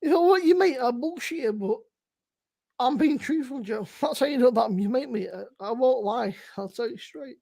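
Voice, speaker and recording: A woman chatting live on a beer stream, her voice gravelly and breathy, pitched a touch high. She ribs her mates loudly and swears freely, in relaxed, boozy banter. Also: normal speed. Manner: teasing, sweary, loud. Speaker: beer review co-host.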